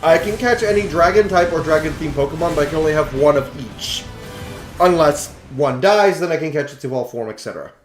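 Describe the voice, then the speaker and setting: A man giving jokey, excitable commentary while playing a video game, now and then swearing. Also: fairly high pitch, fairly quick. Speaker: let's play host. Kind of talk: casual gameplay commentary. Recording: roomy echo, faint game music. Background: faint game music.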